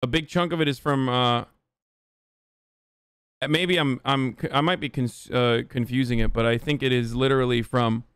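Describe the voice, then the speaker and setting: A man's voice: mid-range voice, fairly even intonation, normal speed, fairly bright tone, clean tone, no room sound. A man streaming live, ranting with heavy profanity and answering his chat. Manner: reads viewer chat aloud and answers it. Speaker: livestreamer. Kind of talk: livestream rant and chat replies.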